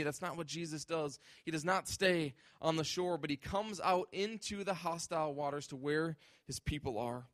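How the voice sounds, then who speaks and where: A man's voice: a little high, normal speed, hardly any pauses, fairly bright tone, no echo. A male pastor preaching a sermon with emphasis, often acting out imagined voices.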